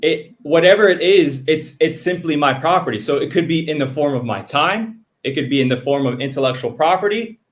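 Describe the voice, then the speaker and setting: A man's voice: fairly high pitch, lively intonation. A man on a live call-in show, arguing heatedly with lots of restarts. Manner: argumentative, fired up, rapid restarts.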